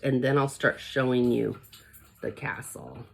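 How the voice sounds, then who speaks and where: This Los Angeles-area product consultant vlogger talks through an unboxing with gushing emotion, addressing her viewers directly in excited chat. Her low, creaky voice swings widely in pitch at a normal speed.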